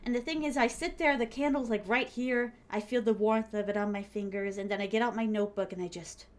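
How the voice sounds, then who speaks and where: A woman's voice: fairly high pitch, fairly even intonation, fairly quick. A young adult woman from Florida, chatting playfully with viewers on a stream and laughing often. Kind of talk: casual chat with viewers.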